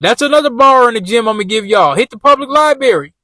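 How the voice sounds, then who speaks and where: Vlogger, male, high voice, slangy and repetitive, talking to camera from a car, dry close sound. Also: lively intonation, fast, pushed and bright, no echo. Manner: loose, repetitive street slang, addresses viewers as y'all. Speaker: vlogger giving job-interview tips. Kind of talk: casual talk while driving.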